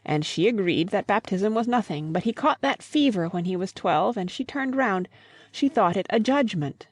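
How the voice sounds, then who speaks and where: A woman reading a gentle grieving old father in an audiobook, earnest and pleading, in a mid-pitched voice with a dry, close sound and no room echo. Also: animated, moderate pace, breathy edge.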